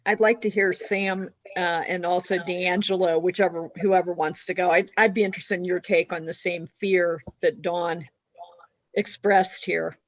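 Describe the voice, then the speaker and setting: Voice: mid-range voice, level tone, moderate pace, no room sound. A person on a video call asking a panelist to retell a story, in a chatty, friendly way. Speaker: panel audience member asking questions. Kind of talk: casual questions on a video call. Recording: dull, dry video call audio.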